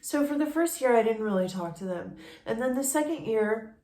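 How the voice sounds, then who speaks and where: A woman vlogging about her family, emotional and tearful, talking in halting bursts with many restarts. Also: fairly high pitch, animated, warm tone, reverberant. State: raw nose from allergies. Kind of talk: personal confessional vlog.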